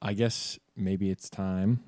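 A man hosting a casual group tasting of spicy jerky, unhurried and full of fillers. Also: deep voice, slight background noise. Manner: relaxed, hesitant with many fillers. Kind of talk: casual chat, food tasting.

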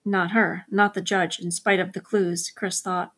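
Brief: female audiobook narrator, steady mid-range voice, measured storytelling. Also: fairly low pitch, husky. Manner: measured storytelling, gives characters quick voices. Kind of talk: scripted narration.

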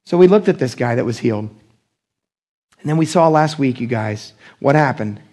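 Gravelly-voiced animated male preacher. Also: medium pitch, moderate pace. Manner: conversational and animated, acting out quoted voices. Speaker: pastor. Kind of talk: sermon.

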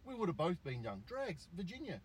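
A man's voice: high voice, huge pitch swings, fairly quick, breathy edge. A middle-aged Australian man, co-hosting a podcast in a car, telling stories in a laid-back, self-mocking way. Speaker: podcast co-host. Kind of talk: casual storytelling chat.

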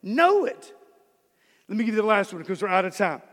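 A man's voice: high-pitched, steady tone, rapid-fire, a bit bright, in a large hall. A man preaching a sermon as pastor, emphatic and repeating key words for stress.

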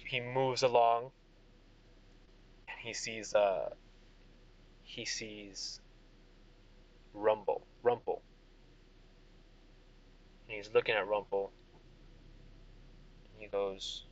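A man's voice: fairly low pitch, steady tone, drawn-out words, pauses often. Casual young guy running a tabletop game, talks in a rambling way, dull-sounding audio. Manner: rambling, many filler "like"s and restarts. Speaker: game master. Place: inside his car. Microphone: computer or tablet mic.

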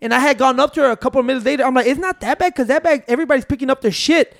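Man, high voice, rambling profane storyteller, dry recording. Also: rapid-fire, vocal fry, no room sound. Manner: rambling, profane, mixing in Spanish, keeps saying "wait". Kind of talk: casual storytelling among friends.

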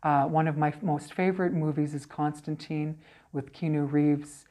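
A woman's voice: low voice, moderate pace. A woman working as a psychic medium, chatting in an interview and telling stories, often ending her points with "okay?" or "right?". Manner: chatty, animated, frequent okay and right tags. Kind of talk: casual interview storytelling.

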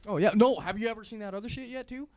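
A man's voice: high-pitched, rapid-fire, darkish tone. A man from Louisiana, hosting a casual podcast, opinionated and rambling.

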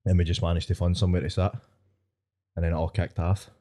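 A man's voice: low-pitched, flat delivery, quick pace, warm tone. A Scottish man in his twenties, hosting a podcast and telling a long, rambling, sweary story in casual chat. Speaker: podcast host.

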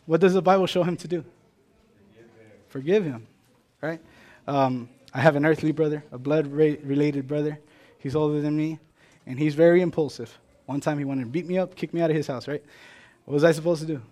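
A man's voice: on the high side, fairly even intonation, fairly quick, long pauses, a little mellow. Chatty man preaching a casual sermon. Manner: chatty, keeps asking "right?", acts out little dialogues.

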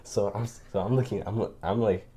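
A man co-hosting a podcast, telling a story in lively casual chat, acting out voices and laughing often. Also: lowish voice, moderate pace, background noise. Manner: animated storyteller, acts out voices, laughs a lot. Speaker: podcast co-host.

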